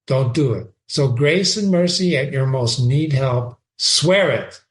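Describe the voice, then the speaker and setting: A man reading the part of a brooding, bitter young prince in a play, with slow, lilting verse delivery. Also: medium pitch, lightly acted. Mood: solemn.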